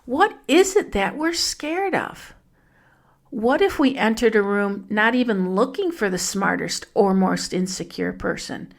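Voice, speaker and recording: A woman hosts a devotional podcast, talking to her listeners as friends. She speaks slowly and thoughtfully at a moderate pitch, with a gentle, musing manner. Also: expressive, gravelly. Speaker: podcast host.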